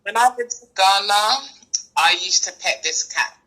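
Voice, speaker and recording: A woman's voice: mid-range voice, measured pace, pushed and bright, poor audio. A woman from England talking candidly with a reader over a video call, telling stories with hesitant fillers. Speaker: reading client. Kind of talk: casual conversation.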